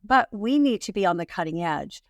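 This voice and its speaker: A woman's voice: mid-range voice, animated, a little fast, no room sound, studio quality. A woman hosting a health interview, agreeing with her guest and then speaking earnestly. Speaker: host. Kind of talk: casual interview talk.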